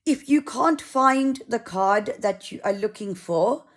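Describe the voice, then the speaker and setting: A woman voicing a preachy female volunteer in a put-on South African accent, slow and patronizing. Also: medium pitch, expressive, gravelly.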